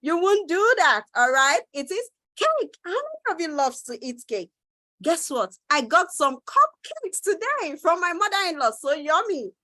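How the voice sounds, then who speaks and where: High, lively woman teaching phonics. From Nigeria. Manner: cheerful, coaxing, repeats words slowly for children to echo. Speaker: reading teacher. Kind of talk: online phonics lesson for children. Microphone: close mic in a virtual class.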